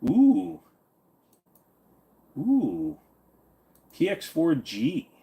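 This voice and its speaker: This young livestream host from Virginia has a warm, fairly high voice whose pitch swoops wildly, and he speaks very slowly. He reads comments from viewers and responds bluntly, off the cuff, with the odd swear word.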